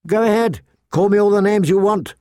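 A man's voice: fairly high pitch, expressive, unhurried, darkish tone, no echo, clean studio sound. A man doing a vain, haughty young noble girl. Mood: upset. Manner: haughty, whiny. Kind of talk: audiobook reading.

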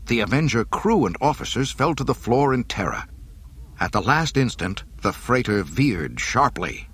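A man narrating an audiobook in a dramatic, expressive way. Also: mid-range voice, moderate pace, slight background noise. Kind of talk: audiobook reading.

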